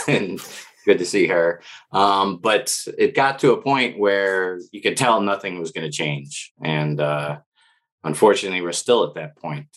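Deep-voiced measured male sports writer. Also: fairly bright tone. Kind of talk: interview answers.

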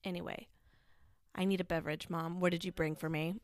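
A woman's voice: on the low side, level tone, fairly quick. A woman co-hosting a podcast in casual chat, playful and teasing, a bit out of breath. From Kansas City area, USA. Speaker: podcast co-host.

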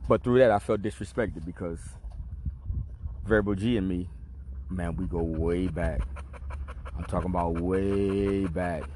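A man with a very deep, low voice tells a rambling personal story on his podcast. He talks in a laid-back, streetwise and profane way, with a faint hiss of noise behind him. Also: fairly even intonation, a little slow, long pauses, dark tone. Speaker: podcast host. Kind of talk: casual storytelling monologue.

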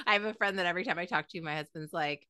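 A woman's voice: on the low side, pushed and bright, no echo, clean studio sound. A woman hosting a podcast, chatting casually in a rambling way and laughing often. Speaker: podcast host. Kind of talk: casual chat.

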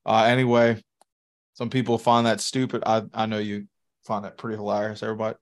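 A man's voice: fairly low pitch, completely flat delivery, brisk. A man, co-hosting a podcast in casual, profane chat and telling rambling stories with laughs. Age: 30s. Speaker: podcast co-host.

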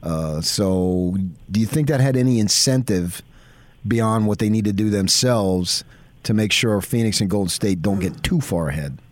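A man's voice: lowish voice, normal speed, no echo. A man hosting a sports radio show, enthusiastic and rambling through long stories and questions. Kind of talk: casual radio interview.

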